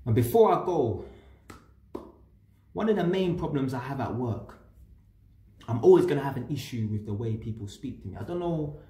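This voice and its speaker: A man's voice: mid-range voice, expressive, normal speed, long pauses, dark tone. Blunt swearing London man, echoey room. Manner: blunt, swearing, street slang, heated. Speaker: vlogger. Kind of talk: casual rant to camera.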